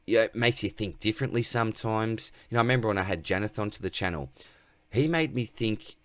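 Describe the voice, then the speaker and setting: A man with an Australian accent hosts a casual livestream Q&A, reading viewer questions aloud and answering in a laid-back way, calling everyone mate constantly. He talks fast in a lowish, fairly bright voice, with no room sound.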